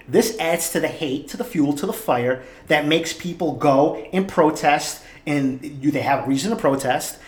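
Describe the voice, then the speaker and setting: A podcast host with a thick Boston accent rants on his own, swearing freely and hammering each point. His voice sits a little high for a man. The recording rings with room echo. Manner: heated, profane, emphatic. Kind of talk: solo podcast rant.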